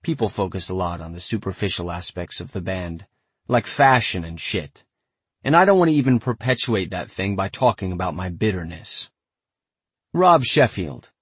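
A man's voice: low-pitched, animated, normal speed, slightly rough, no echo. A man reading an oral history audiobook, announcing each speaker's name and delivering the quotes in a loose, conversational way. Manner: conversational, reads each quote like casual speech. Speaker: audiobook narrator.

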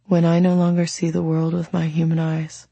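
A woman softly voicing a gentle, hushed immortal man. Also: lowish voice, completely flat delivery, normal speed, gravelly, slightly rough, dry recording. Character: gentle male monk-like immortal, quiet and kind.

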